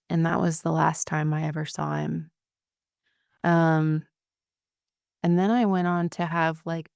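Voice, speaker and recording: A woman in her thirties, a podcast guest, telling a painful personal story in a soft-spoken way with many ums and likes. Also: fairly low pitch, clean tone, no room sound, clean studio sound. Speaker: podcast guest, widow of a detective.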